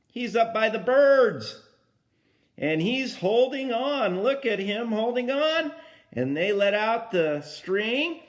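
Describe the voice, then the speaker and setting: Slow, lively older grandfather reading a storybook. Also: a little high. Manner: pauses to point at pictures and comment. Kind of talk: reading a picture book aloud.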